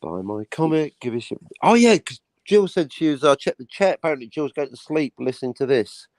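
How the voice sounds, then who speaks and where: A man's voice: medium pitch, expressive, a little fast, a little mellow, no echo, rough recording. A man hosting a casual livestream, rambling and joking, swearing often as he talks about his comic. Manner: rambling, jokey, swears a lot. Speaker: livestream host and comic creator.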